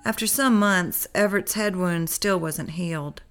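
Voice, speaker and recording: Low-voiced woman reading a memoir. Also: a little slow, background noise. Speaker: narrator. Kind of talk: memoir read-aloud narration.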